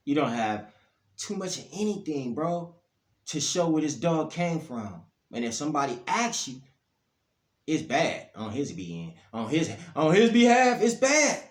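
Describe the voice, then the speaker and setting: A man, ranting bluntly about dog breeding, his voice swinging from low grumbles to loud outbursts. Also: reverberant. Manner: blunt, profane, heated, pitch and loudness swinging up and down. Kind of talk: ranting monologue to camera.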